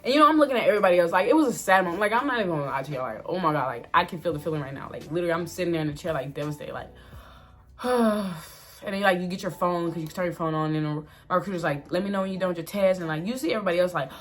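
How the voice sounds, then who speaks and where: A woman's voice: fairly low pitch, racing, soft background music. Chatty young woman telling a story. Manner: chatty and expressive, fillers like "like", addresses viewers as y'all. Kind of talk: casual storytime.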